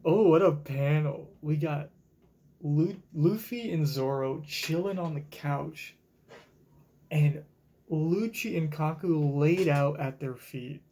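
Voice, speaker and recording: Excitable man with a warm, mellow voice. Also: fairly high pitch, slow pace. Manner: excitable, casual, swears freely. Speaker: manga reaction streamer. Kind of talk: live reaction commentary.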